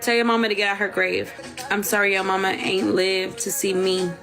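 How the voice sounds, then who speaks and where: A woman's voice: medium pitch, steady tone, brisk, creaky, fairly bright tone, faint music behind. A woman ranting bluntly in slang on a livestream. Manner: blunt, slangy, trash-talking. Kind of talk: livestream chat rant.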